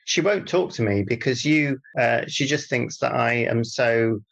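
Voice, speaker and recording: Gravelly, husky man teasing his co-host. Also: medium pitch, lively intonation, unhurried, fairly bright tone, muffled recording. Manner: dry, teasing interviewer. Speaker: podcast co-host. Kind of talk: deadpan comedic banter.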